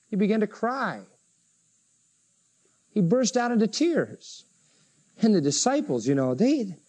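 A male preacher giving a sermon, reading scripture dramatically and acting out the voices of the people he quotes. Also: warm tone. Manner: acts out quoted voices with big pitch swings.

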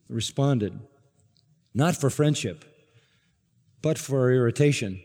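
A man preaching an expository sermon to a congregation, emphatic and climbing to forceful peaks on key words. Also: medium pitch. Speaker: pastor. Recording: long hall reverb.

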